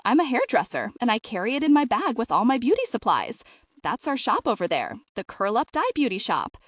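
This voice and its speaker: A woman voicing a tough, menacing middle-aged hairdresser who talks slow and low. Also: wildly swooping pitch, no room sound. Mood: innocent.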